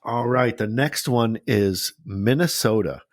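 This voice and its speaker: A man's voice: mid-range voice, slow pace, dry recording, studio quality. A man in his forties co-hosting a podcast in casual chat, swearing freely and joking around. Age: 40s. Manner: swears freely, jokey and animated. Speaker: podcast co-host.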